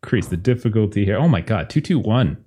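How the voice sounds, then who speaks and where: Young man, game master, tabletop narration, lively varied pitch, relaxed chatty delivery. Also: fast, breathy edge. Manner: relaxed, chatty, with frequent fillers and laughs.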